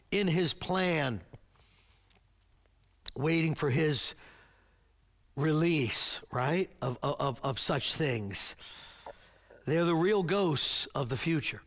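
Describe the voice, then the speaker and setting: A man preaching a sermon as pastor, earnest and emphatic, with halting restarts. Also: fairly high pitch, a bit bright.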